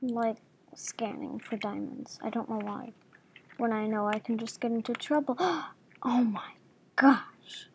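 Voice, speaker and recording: A woman casually commenting on her own gameplay, talking to herself with jumpy reactions and soft murmured asides. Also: fairly high pitch, fairly even intonation, unhurried, a little hiss or hum. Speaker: gaming video creator.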